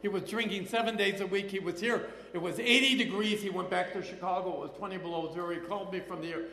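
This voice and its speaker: A man's voice: high voice, fast talker, pushed and bright. An older man speaking at a recovery meeting, telling his personal story in a chatty, rambling way with frequent laughs and repeated phrases. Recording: echoey hall with long reverb.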